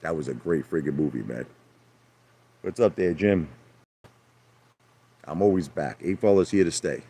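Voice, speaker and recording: A man's voice: extremely low pitch, normal speed, long pauses, warm tone, breathy edge. A man hosting a livestream from his hot tub, rambling brashly to viewers, repeating himself and calling them out by name. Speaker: livestream host. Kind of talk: rambling live chat with viewers.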